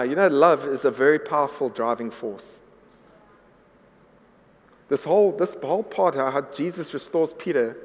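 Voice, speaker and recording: A man preaching a sermon to his congregation, earnest, often repeating words as he builds a point. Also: on the high side. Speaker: pastor. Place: church hall. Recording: long reverb of a large hall.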